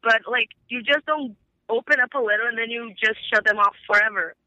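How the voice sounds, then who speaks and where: On a bright, thin phone line, a Brazilian caller in her twenties speaks a little fast in a fairly high-pitched voice. Heated and swearing, she recounts a fight in bursts and performs the quoted lines, with no room sound.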